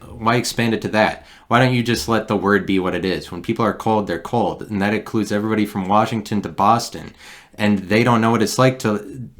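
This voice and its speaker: A man's voice: fairly low pitch, fairly bright tone. A man holds forth alone into a handheld recorder. His talk wanders and turns sarcastic, and he keeps restarting his thoughts as he goes. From Midwestern United States. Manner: digressive, sarcastic, restarts often. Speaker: podcast host. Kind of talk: rambling solo podcast monologue.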